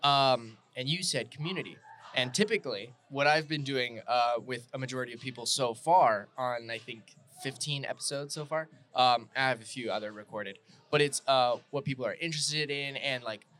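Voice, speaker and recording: A young man hosts a podcast in a bright, forward voice. He speaks in an easygoing, halting way, full of fillers as he asks his guest questions. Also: mid-range voice. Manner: easygoing, hesitant with many fillers. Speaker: podcast host. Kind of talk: casual interview.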